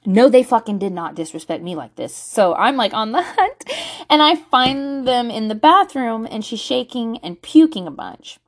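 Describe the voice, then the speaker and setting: This woman, in her thirties, has a fairly high pitch and talks at a moderate pace. Her casual storytelling is blunt and profane, and she acts out other people's lines with animation.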